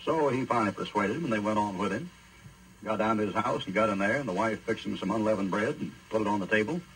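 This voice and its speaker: A man's voice: on the low side, fast talker, a bit bright, rough recording. A man preacher retelling a Bible story in a colloquial, folksy sermon style.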